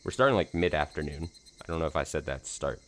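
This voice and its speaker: A slightly hoarse man hosting a let's play stream, chatting casually before reading a visual novel. He rambles in a self-deprecating way with plenty of fillers. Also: rumbling low, fast talker.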